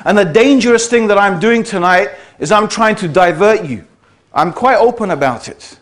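British man giving a lively public talk. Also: high-pitched, normal speed. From Britain. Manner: conversational, checks in with the audience. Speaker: speaker giving a talk to an audience. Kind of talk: public lecture.

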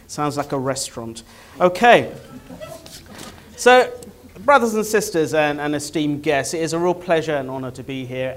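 A man chairing a live debate, introducing it with wry, teasing jokes and many hesitant fillers. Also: mid-range voice.

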